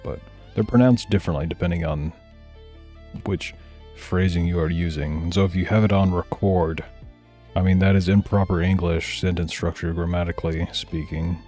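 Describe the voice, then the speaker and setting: A man's voice: sits low, warm tone. A man commentating on a live stream, rambling in a loose, profane way with mumbled asides.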